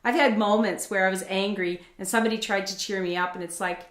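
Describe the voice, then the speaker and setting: A woman's voice: medium pitch, fairly even intonation, quick pace. A woman hosting a casual interview, chatty and keen on acting out little bits of dialogue in other voices. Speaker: host. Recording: echoey room.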